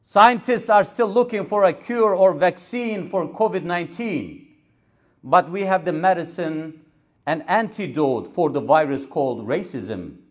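Man, imam, sermon from the pulpit, fairly high voice, emphatic repetition. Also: expressive, unhurried. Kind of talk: Friday sermon. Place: mosque.

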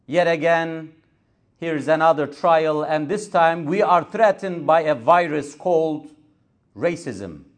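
A man delivering a Friday sermon as an imam, measured and emphatic, building on repeated phrases. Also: fairly high pitch. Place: mosque.

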